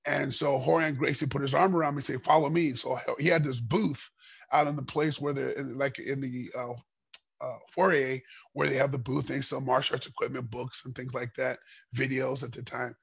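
A middle-aged man with a very raspy, gravelly voice tells his stories with animated energy, slipping into the voices of the people in them. The sound is dry and close, with no room around it. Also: medium pitch, normal speed, dry recording. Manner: animated storyteller, acts out dialogue. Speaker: podcast guest, former fighter. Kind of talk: casual storytelling interview.

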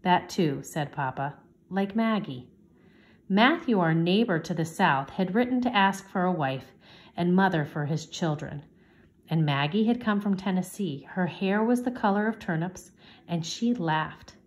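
A teacher reads a chapter book aloud in a gentle storytime style, her lower-pitched voice brightening whenever a child in the story speaks. She is expressive and keeps a moderate pace.

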